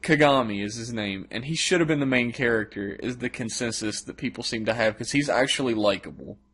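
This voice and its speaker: A young man co-hosts a casual podcast, voicing firm opinions with easy laughter. His voice sits at a plain middle pitch. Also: a little fast, fairly bright tone, husky. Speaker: podcast co-host. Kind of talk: casual chat.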